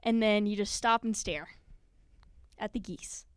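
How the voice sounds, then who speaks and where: A woman's voice: medium pitch, measured pace, smooth, dry recording. A woman performing a personal story live on stage, nervous and giggly, acting out scenes as she goes. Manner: nervous and giggly, with animated acted-out quotes. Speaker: spoken word performer. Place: stage at a live community event.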